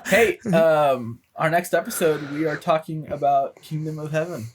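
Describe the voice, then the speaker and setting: A man's voice: a little high, moderate pace, a little hiss or hum. A man co-hosting a podcast in casual chat, hesitant, with many fillers and restarts. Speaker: podcast co-host.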